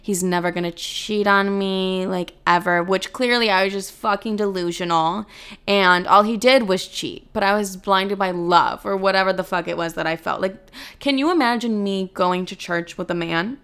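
Young woman in her 20s doing a storytime, super dramatic, swears a lot, says like nonstop, gravelly fry. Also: medium pitch, fairly even intonation, normal speed, fairly bright tone. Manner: dramatic, profane, heavy use of 'like'. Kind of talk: casual storytime monologue.

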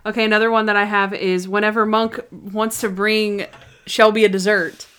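A woman's voice: mid-range voice, level tone, moderate pace, a bit bright, clean tone. A woman co-hosting a podcast, chatting casually and laughing often as she retells scenes from an episode, acting out the characters' lines. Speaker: podcast co-host. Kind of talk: casual chat recapping a TV episode.

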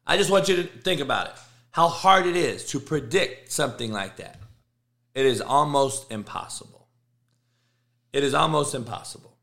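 A man's voice: mid-range voice, normal speed, vocal fry, fairly bright tone. A middle-aged man, host of a sports show, ranting casually and emphatically, swearing and repeating himself for effect. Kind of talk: casual rant on college football.

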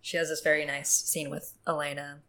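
A woman's voice: low voice, little pitch movement, a little fast, pushed and bright, slight background noise. A woman co-hosting a casual podcast about a book, swearing and laughing often as she comments. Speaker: podcast co-host. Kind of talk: casual book discussion chat.

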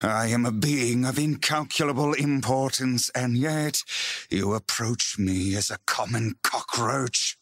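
A man's voice: medium pitch, unhurried, a bit bright, no room sound, clean studio sound. A man voicing a pompous, haughty male talking book in a put-on grand voice. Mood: grandiose. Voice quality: pompous British-sounding.

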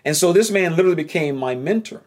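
A man from North Carolina with a Southern accent, telling a personal story in a casual, animated way and often repeating phrases. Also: on the high side, fast talker. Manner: animated, repeats phrases, voice jumps up when excited.

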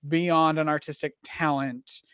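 A man's voice: fairly high pitch, flat delivery, a little slow, fairly bright tone, clear, resonant tone, dry recording, clean studio sound. Rambling, self-joking male podcast host. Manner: rambling and self-deprecating, with many fillers. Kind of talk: casual live podcast chat.

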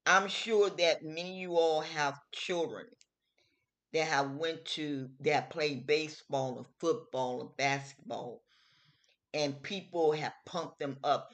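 A middle-aged woman hosting her own show, giving her opinion in a slow, emphatic, chatty way and repeating her phrases. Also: low voice, fairly bright tone. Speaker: host. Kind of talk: casual opinion talk.

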